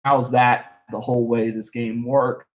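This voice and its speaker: A man's voice: mid-range voice, level tone, a little slow. A man co-hosting a podcast, giving casual movie reviews with blunt, emphatic verdicts. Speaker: podcast co-host.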